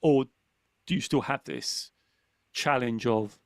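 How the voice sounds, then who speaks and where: A man's voice: medium pitch, slow, smooth, dry recording. A man co-hosting a podcast, talking earnestly and reflectively in casual chat, often checking in with "right?". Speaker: podcast co-host.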